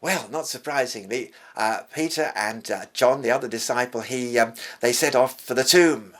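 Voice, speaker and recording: A man's voice: medium pitch, normal speed, a bit bright. An older man presenting, retelling a scripture story in an earnest storytelling manner, sometimes dropping to a whisper.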